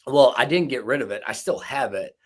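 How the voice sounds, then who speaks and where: A young man with a mid-pitched voice chats loosely as a podcast guest. His speech is full of "like" and "you know" and catches now and then on a mild stutter. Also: a little fast. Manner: stutters at times; rambling, filler-heavy. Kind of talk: casual conversation.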